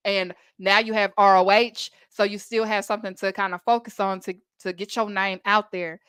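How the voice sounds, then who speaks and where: A woman's voice: mid-range voice, steady tone, moderate pace, a bit bright, clean tone, dry recording. A woman from Texas with a Texan accent, hosting a casual wrestling recap podcast and chatting emphatically to listeners.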